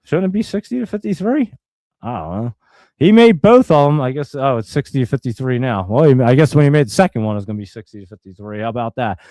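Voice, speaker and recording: A stream host gives casual live play-by-play commentary, chatty and excitable, speaking directly to his viewers. His voice is mid-range, he talks fast, and the recording is dry.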